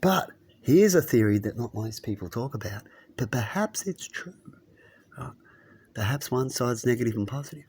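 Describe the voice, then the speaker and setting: A man's voice: fairly low pitch, slightly rough. A man vlogging in a casual, rambling monologue, musing aloud and asking rhetorical questions.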